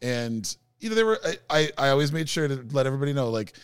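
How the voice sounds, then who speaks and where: A man's voice: medium pitch, fast talker, clean tone, no room sound. A man co-hosting a casual podcast chat, talking with enthusiasm. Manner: enthusiastic, excited.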